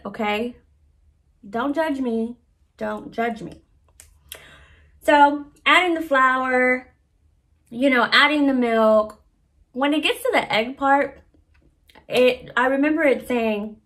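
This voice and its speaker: A woman with a somewhat high voice spins a casual story to her viewers. Her talk is slangy and laid-back, and she pokes fun at herself as she goes. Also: a bit bright. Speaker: vlogger.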